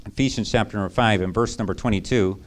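A man's voice: on the low side, quick pace. A male pastor preaching a sermon in a conversational, emphatic way, often checking in with rhetorical asides.

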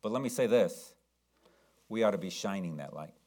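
A man preaching a sermon as pastor, slowing down to read verses aloud and calling on the congregation to answer. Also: fairly low pitch, lively intonation, a little mellow. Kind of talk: sermon with scripture reading.

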